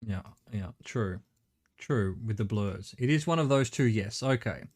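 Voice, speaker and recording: A middle-aged Australian man talks through a live game stream. He thinks out loud, chats with his viewers and swears casually. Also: on the low side, expressive, unhurried.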